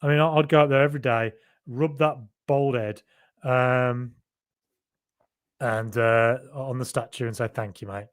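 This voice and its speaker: A man's voice: medium pitch, steady tone, unhurried, pauses often, clear, resonant tone. A man with a Birmingham accent hosting a casual live-stream podcast, chatting loosely and reading out viewer comments. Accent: Birmingham (Brummie). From Birmingham, England. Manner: chatty and rambling, with many fillers and asides. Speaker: podcast host.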